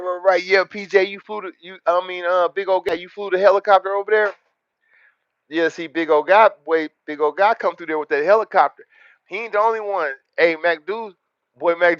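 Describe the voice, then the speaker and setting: A man's voice: sits high, no room sound. Man, livestream chat host, boastful street slang, dry muffled sound. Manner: loud, boastful street slang, repeats words in rapid runs. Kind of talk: casual livestream chat, reading the chat.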